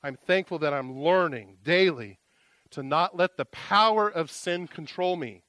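A man's voice: on the high side, measured pace, no room sound. Earnest, emotional preaching man. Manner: earnest, emotional, swings from loud exclamations to hushed confession. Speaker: pastor. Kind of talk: sermon.

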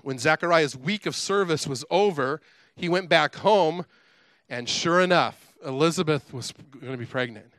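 Animated middle-aged preacher, bright voice. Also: male voice, a little high, moderate pace, no room sound. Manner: animated storytelling with chatty asides. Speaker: pastor. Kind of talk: sermon.

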